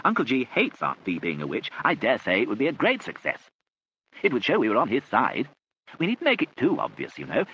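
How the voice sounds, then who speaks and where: A chatty young man who talks on and on, his voice lifting brightly with every new idea, as a man reads him. The recording is slightly muffled, with a faint hiss. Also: medium pitch, wildly swooping pitch, brisk, voice pushed up, heavily acted. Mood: animated. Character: chatty young man Stephen, full of ideas.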